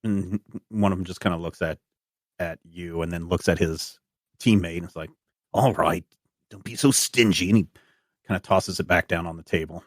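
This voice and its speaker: A man narrating as game master of a tabletop game, rambling with many pauses and fillers. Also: sits low, steady tone, dry recording, studio quality. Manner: rambling, many "uh"s and restarts while describing.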